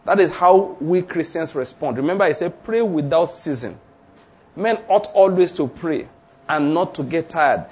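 Man, sermon, husky voice, fairly high pitch, emphatic, repeats lines for weight. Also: expressive, moderate pace, a little mellow. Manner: emphatic, repeats declarations, asks the audience questions. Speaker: preacher.

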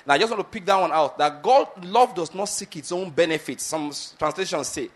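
A man's voice: on the high side, brisk. A man preaching a sermon on a Bible story, often asking his listeners whether they are getting his point and acting out the characters' words. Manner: repeatedly asks the audience if they get the point; acts out Bible characters' lines with shifts in pace.

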